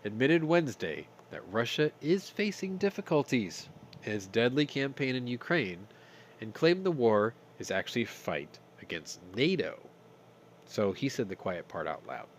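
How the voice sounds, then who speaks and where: Sinus congestion makes this news commentary host sound stuffy as he speaks at medium pitch and a moderate pace, very animated. He reads the news and then cracks sarcastic, profane jokes, with a little background noise.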